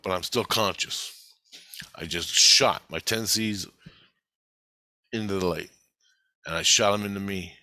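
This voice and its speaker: Agitated, swearing man with a bright, lower voice. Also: no echo. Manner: heavy swearing, agitated and rambling. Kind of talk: casual spoken monologue recounting a spiritual experience.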